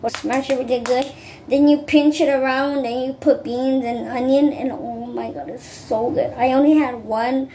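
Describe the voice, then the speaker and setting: High-voiced woman rambling through a vlog. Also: steady tone, normal speed, dark tone, slight background noise. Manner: rambling, many fillers and asides. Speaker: vlogger. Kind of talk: casual chat to camera.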